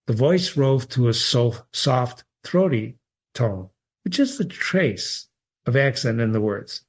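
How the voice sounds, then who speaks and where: Male story reader, middle pitch, expressive, lifts on key words. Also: takes it slowly. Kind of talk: reading a short story aloud.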